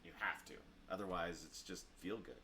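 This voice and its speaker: A man's voice: deep voice, normal speed, sharp tone, slight background noise. A man co-hosting a casual podcast who talks earnestly and readily agrees with the host.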